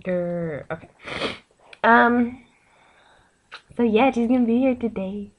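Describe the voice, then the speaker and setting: A young woman, chatting casually to her camera in a rambling, excitable way with many fillers. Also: on the high side, takes it slowly, phone-quality sound. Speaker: vlogger.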